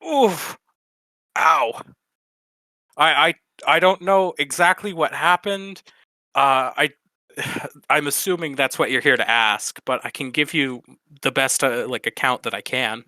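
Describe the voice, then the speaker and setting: A man's voice: mid-range voice, a little slow, sharp tone, dry recording, low-quality recording. A man voicing a wry young female frog bodyguard, weary and wincing from a head injury, in a tabletop game. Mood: weary, pained.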